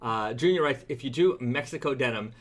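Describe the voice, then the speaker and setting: A man's voice: mid-range voice, brisk. A man hosting a weekly live stream, chatting casually and reading viewer comments aloud with plenty of fillers.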